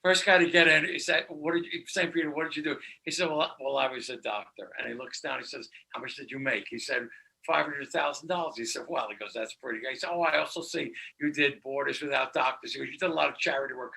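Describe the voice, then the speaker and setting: A man's voice: mid-range voice, fairly even intonation, fast, gravelly, sharp tone, rough recording. A man from a visiting band chatting casually on a livestream and telling a joke. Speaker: band member.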